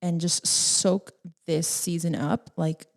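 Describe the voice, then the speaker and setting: A woman's voice: lowish voice, steady tone, slow, vocal fry. A young woman hosting a solo podcast in a casual, rambling, emotional way, laughing often and tearing up at times. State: tearful at times. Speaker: podcast host.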